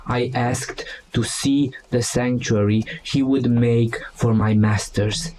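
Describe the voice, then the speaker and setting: A man's voice: lowish voice, dark tone, a little hiss or hum, low-quality recording. A man voicing a solemn ascended hound spirit. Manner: slow, solemn, mournful.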